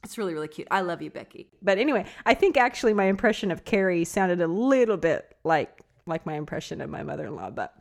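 A woman's voice: fairly low pitch, big pitch swings, fast, creaky, hardly any pauses. A woman hosting a podcast who chats casually, laughs often mid-sentence and reads listener emails aloud. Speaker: podcast host.

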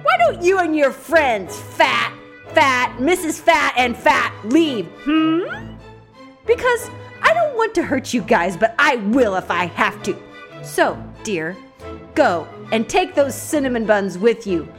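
A woman's voice: high-pitched, sing-song, slow pace, a bit bright, soft background music, voice pushed up, exaggerated voice. A woman voicing a sugary woman who sweetly coaxes and orders her own fat to leave, in a mock-sweet, singsong way.

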